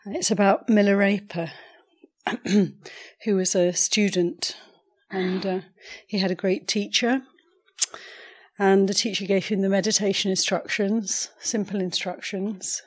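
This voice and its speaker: A woman meditation teacher telling a story during a morning sitting, in a measured, unhurried way, clearing her throat now and then. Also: mid-range voice. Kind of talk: storytelling dharma talk.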